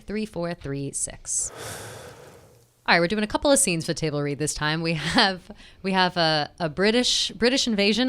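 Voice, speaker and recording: A woman's voice: fairly low pitch, a bit bright, clear, resonant tone. A woman co-hosting a casual podcast, upbeat and encouraging, laughing often as she leads the show. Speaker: podcast co-host. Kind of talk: casual chat with comedic table read.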